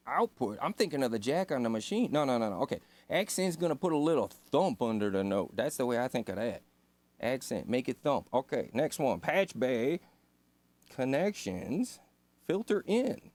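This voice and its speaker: A man's voice: a little high, lively intonation, moderate pace, a little mellow. A man reading a synthesizer manual aloud and breaking off into laid-back, self-deprecating commentary with casual swearing. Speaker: synth hobbyist host.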